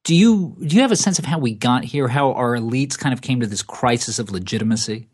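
A man hosting an interview, asking measured questions and reading out quotes. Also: medium pitch, animated, a little mellow, breathy edge. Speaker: interviewer, host.

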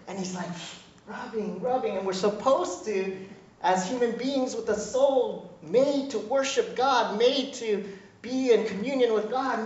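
Pastor guy preaching, high voice, slow and lively, sounds far off in a big echoey church, kinda muffled. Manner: animated, jokey, acts out voices of God and people. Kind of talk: sermon. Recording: distant, echoey, muffled hall mic.

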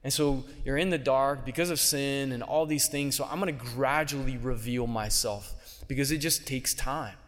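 A man's voice: mid-range voice, moderate pace. A man giving a conversational homily, dropping briefly into casual voices for biblical figures. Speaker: preacher. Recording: long reverb of a large hall.

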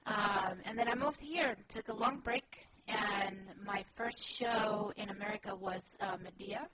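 A woman's voice: mid-range voice, a little slow. A woman from Peru, an actress guest telling her story in a chatty, rambling way with many fillers in a casual interview. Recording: loud background hiss.

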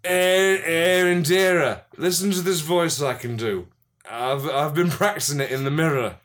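A man's voice: fairly high pitch, moderate pace, a bit bright, lightly acted. A man voicing a drunk old man who believes he is a wizard, with stammering, slurring hesitations. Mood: tipsy boasting.

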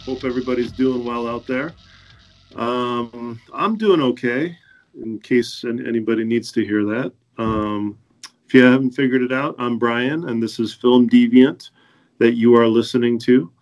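A man's voice: mid-range voice, moderate pace, a little mellow. A man hosting a podcast in a casual chat, laid-back and hesitant, often laughing. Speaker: podcast host.

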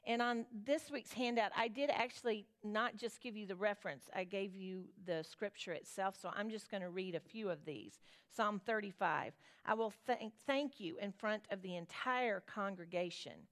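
A woman's voice: medium pitch, normal speed, few pauses. A woman in her forties with a Southern accent, teaching a Bible study in a conversational way, reading scripture aloud and chatting with her listeners. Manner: reads scripture aloud, then chats with the audience in a homey way.

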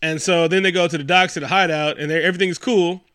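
A man's voice: high-pitched, steady tone, quick pace, fairly bright tone, clear, resonant tone, no echo, clean studio sound. A man co-hosting a casual movie review chat, rambling and laughing, swearing and acting out the characters. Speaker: podcast co-host.

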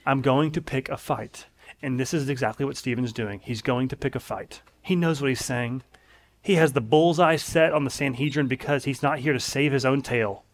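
A man's voice: medium pitch, a little fast. A man preaching a sermon in an earnest, emphatic way, leaning on repeated phrases.

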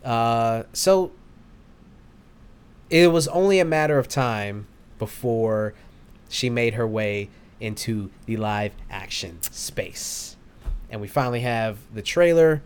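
A man's voice: medium pitch, takes it slowly, clean tone. A young man hosting a casual podcast chat, rambling with hesitant restarts and frequent laughs. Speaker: podcast host.

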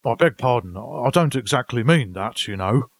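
A man's voice: mid-range voice, animated, normal speed, no echo. A man doing a hearty, chuckling otter. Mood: jovial. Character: jovial male river otter, sociable. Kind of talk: storybook voice acting.

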